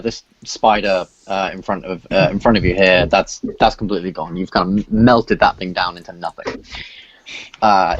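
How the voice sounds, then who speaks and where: A man serving as dungeon master, narrating the action in a halting way with many filler sounds. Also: fairly low pitch. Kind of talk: narrating a tabletop game. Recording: dull lo-fi audio.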